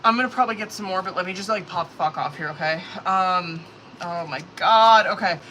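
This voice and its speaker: This tarot reader streams live in a noisy setting, her lowish voice moving fairly quickly. Her talk is loose and profane, packed with fillers, and she reacts anxiously whenever a card comes up.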